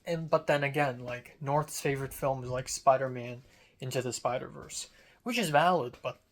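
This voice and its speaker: In a casual diary vlog, a young man describes his day, rambling along with lots of fillers and restarts. He speaks at medium pitch and a moderate pace.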